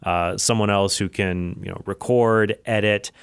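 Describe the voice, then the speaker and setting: This podcast host talks from his office in a casual, chatty solo show full of asides. His fairly low voice is steady, smooth and creaky, and a little slow. The audio is clean studio sound with no room sound.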